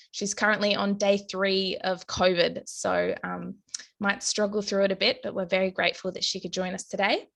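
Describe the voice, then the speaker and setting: A woman hosting an online event, introducing speakers in a relaxed way with many fillers. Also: medium pitch, vocal fry. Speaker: event host. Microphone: video call.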